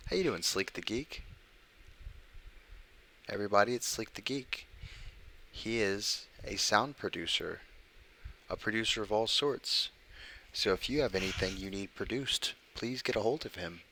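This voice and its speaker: A man hosting a livestream, reading short creepy stories aloud and chatting with viewers between them, pausing deliberately between his words. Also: fairly low pitch, pushed and bright, a little hiss or hum. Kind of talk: casual stream reading of short horror stories.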